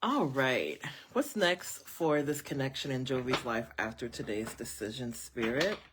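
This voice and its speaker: Woman tarot reader, live stream; low voice, very animated pitch, chatty. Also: a little slow, a little hiss or hum. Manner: chatty, animated, lots of fillers, speaks to viewers as y'all. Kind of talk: casual live-stream reading.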